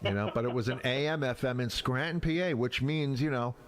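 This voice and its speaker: A man's voice: a little fast, very noisy. A man from Brooklyn, telling radio stories in a casual podcast chat and acting out the people he quotes. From Brooklyn, New York. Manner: animated, acts out quoted people with big pitch jumps. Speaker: radio veteran on a podcast panel.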